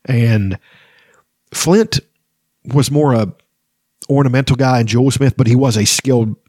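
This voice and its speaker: A man reading a fantasy novel aloud and commenting on it, emotional and halting, with frequent restarts. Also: mid-range voice, a little mellow, husky, dry recording, clean studio sound. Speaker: reader and book fan.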